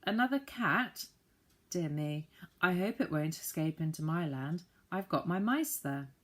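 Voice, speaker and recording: A woman voicing a peculiar old saucepan man from a storybook who is hard of hearing and talks in a shrill, squealing voice. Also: expressive, a little slow, a bit bright, exaggerated voice. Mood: fretful. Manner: shrill, squealing, mishears words. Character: odd old saucepan man, half deaf, fretful.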